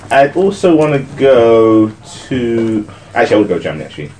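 A man's voice: medium pitch, big pitch swings, brisk, darkish tone, a little hiss or hum. A man in a casual chat with friends, hesitant and rambling, swearing now and then.

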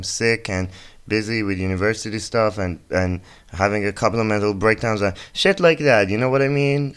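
A man's voice: on the low side, clean tone. A young man hosting a solo podcast, rambling through jokey, profane stories in a casual monologue. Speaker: podcast host.

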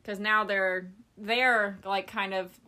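Bright-voiced woman telling a story. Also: medium pitch, takes it slowly. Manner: animated, acts out quoted people; swears casually. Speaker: podcast host. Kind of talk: casual storytelling chat.

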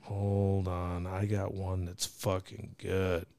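A man's voice: low voice, completely flat delivery, takes it slowly, mellow. A man hosting a show, talking in crude, rowdy, teasing banter. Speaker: show host.

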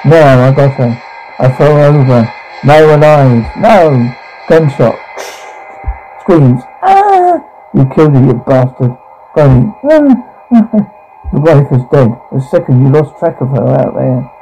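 A man performing a one-man audio drama, reading every part and the sound cues aloud, shouting and pleading in turns. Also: mid-range voice, fairly even intonation, unhurried, faint music behind, poor audio.

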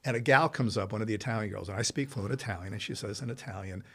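A man hosting a casual chat, telling long, animated anecdotes full of restarts and asides. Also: lowish voice, racing, slightly rough. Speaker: host.

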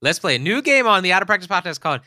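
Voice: mid-range voice, big pitch swings, racing, bright, forceful tone, no room sound, studio quality. A podcast co-host in casual chat, playful with mock announcer bits.

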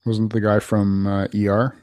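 A man co-hosting a podcast, laid-back and deadpan, with the odd swear. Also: lowish voice, normal speed, dry recording. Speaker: podcast co-host. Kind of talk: casual chat.

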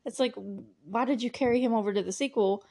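A woman's voice: a little high, fast talker, mellow. Young woman podcast host, chatty and sarcastic, laughs a lot while recapping. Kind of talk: casual movie recap.

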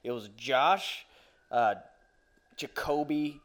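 A young man chatting casually with friends in a relaxed way, often chiming in to agree. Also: fairly high pitch, slow. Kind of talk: casual chat among friends.

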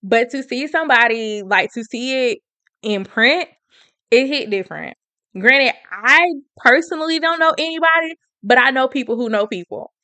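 A woman chatting casually as she recaps a book, slangy and lively, with constant "she was like" asides. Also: fairly high pitch, moderate pace, no echo. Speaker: book reviewer.

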